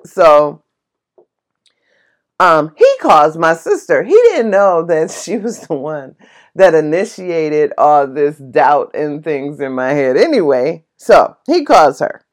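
A woman casually telling a personal story in an excitable, passionate way, laughing as she talks. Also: low voice, takes it slowly. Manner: animated, excitable, laughs while talking; passionate and chatty.

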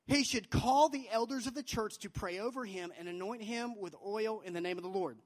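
Young male youth pastor, emphatic preaching, repeats lines for weight. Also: brisk. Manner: emphatic, repeats phrases, acts out quotes in a high childlike voice. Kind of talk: sermon to students.

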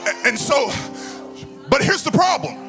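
A man preaches in a church sanctuary, his voice pitched high and bright for a male speaker. He talks back and forth with the congregation, then swells into sung, whooping phrases. Organ music plays steadily beneath him. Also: huge pitch swings, unhurried. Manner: call-and-response preaching, rising into sung whoops. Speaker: pastor. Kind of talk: sermon. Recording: music playing under the voice.

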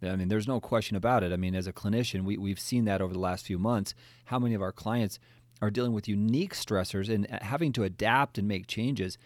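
A man's voice: on the low side, fast, no echo. A middle-aged male clinician co-hosting a podcast, explaining earnestly and asking rhetorical questions. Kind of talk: conversational discussion.

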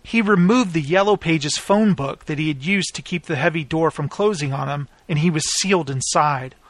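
A man reading his own story aloud as its narrator, in a steady, plain storytelling manner. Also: a little high, moderate pace, no room sound. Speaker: author and narrator. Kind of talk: scripted audiobook narration.

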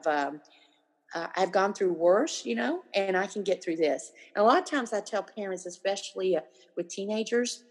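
A woman in her fifties, a guest in a casual interview, talking animatedly and acting out the lines of the people she quotes. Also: on the low side. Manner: animated, acts out quoted dialogue.

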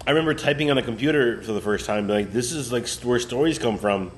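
A man's voice: medium pitch, fast. A young man co-hosting a podcast in casual, rambling chat, laughing often. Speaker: podcast co-host.

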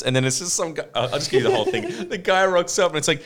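A podcast co-host in casual chat, animated and often laughing as he tells a story. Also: fairly high pitch, rapid-fire, hardly any pauses.

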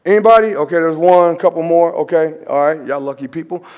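A man preaching a sermon as pastor, storytelling with animated, shouted emphasis in a church sanctuary. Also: fairly high pitch, brisk, lo-fi sound. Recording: long reverb of a large church hall.

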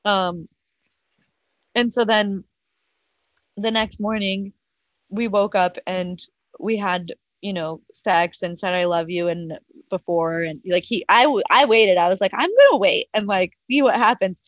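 A young woman talks through a personal story in an easy, unguarded way, leaning on "like" and dropping casual swears. Her voice sits at a middle pitch and sounds close and dry, with no room echo. She slips into quoted back-and-forth as she tells it. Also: fairly even intonation, slow, pauses often. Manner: chatty, heavy use of "like", swears freely; acts out both sides of a conversation. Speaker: podcast guest.

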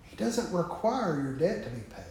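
A man's voice: on the high side, sing-song, normal speed, darkish tone, very echoey. A man preaching a sermon, talking straight to the congregation with joking asides.

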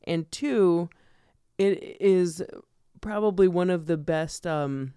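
A woman co-hosting a film podcast in a relaxed, chatty way, laughing easily as she talks. Her voice is notably smooth and clear. The recording is dry and close, with no room sound. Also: fairly low pitch, takes it slowly, dry recording. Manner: animated, laughs often, loves animals. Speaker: podcast co-host. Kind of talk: casual film discussion.

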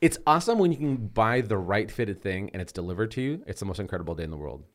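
A man in his thirties in casual chat, telling animated stories and acting out the dialogue. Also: lowish voice, fast talker. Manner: animated storyteller, acts out quoted dialogue.

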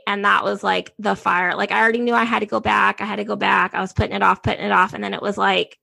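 A woman's voice: mid-range voice, steady tone, quick pace, creaky, few pauses, pushed and bright, no echo. A woman in her thirties, an interview guest, frankly telling her life story in a casual, slangy way. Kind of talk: candid personal storytelling.

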